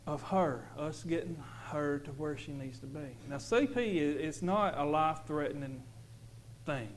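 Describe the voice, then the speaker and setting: A man with a fairly high voice telling his own testimony to a church crowd. He talks earnestly, restarting and repeating phrases as he goes. A faint hum sits under him. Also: low-quality recording. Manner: earnest, repetitive, emphatic with stumbling restarts. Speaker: father giving a church testimony. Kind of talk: personal testimony to a congregation.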